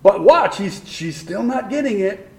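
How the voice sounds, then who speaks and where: A man's voice: sits high, lively intonation, measured pace, a little mellow, slight background noise. A man preaching a sermon who keeps questioning his congregation and repeats points for emphasis. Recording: echoey room.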